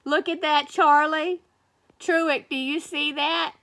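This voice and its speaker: A school coach, a woman, reading a picture book aloud to young children, animated and calling on them by name. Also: high-pitched, slow pace. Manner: animated, calls children by name, playful asides.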